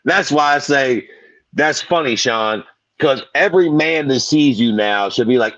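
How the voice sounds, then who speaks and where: A man co-hosting a podcast, ranting in animated, profane, slang-heavy casual chat. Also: medium pitch, a little slow, no room sound, muffled recording. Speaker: podcast co-host.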